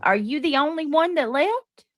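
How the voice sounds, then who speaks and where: A woman's voice: high voice, animated, moderate pace, a bit bright, dry recording, studio quality. A woman hosting a live-stream chat, talking in an indignant, profane way and repeatedly demanding answers. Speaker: livestream host.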